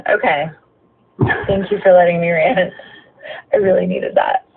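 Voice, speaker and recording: A woman's voice: lowish voice, very animated, slow pace, vocal fry, breathy edge. Exasperated woman ranting over a phone line. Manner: heavy swearing, exasperated, voice breaking with emotion. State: tired. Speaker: bus driver. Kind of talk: late-night venting rant. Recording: tinny phone-line sound, faint hiss.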